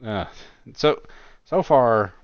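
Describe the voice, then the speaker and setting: A man's voice: medium pitch, lively intonation, extremely slow, clean tone, no echo, dull audio. A man hosting a casual video commentary, musing aloud with many fillers and restarts as he reads through chat logs. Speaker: commentary host.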